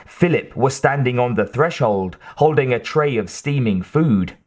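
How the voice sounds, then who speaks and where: A man narrating an audiobook in a measured, steady way. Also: mid-range voice. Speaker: audiobook reader.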